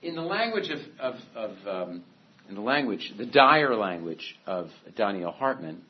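A man's voice: lowish voice, very animated, measured pace. A man giving a classroom lecture, talking in a discursive, conversational way with many asides and restarts. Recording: echoey room from a distance, dull and muffled.

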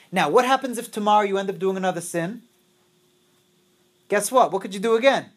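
A woman's voice: mid-range voice, a little fast, pauses often. A woman teaching a religious class, quizzing her students and repeating her key phrases over and over.

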